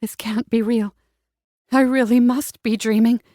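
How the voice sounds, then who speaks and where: A soft, breathy young Regency lady, shy but eager, in a fairly high voice, read by a woman narrator. The sound is dry and close. It is an audiobook romance heroine. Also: steady tone, a little slow, dry recording, lightly acted. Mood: breathless. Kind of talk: audiobook character voice.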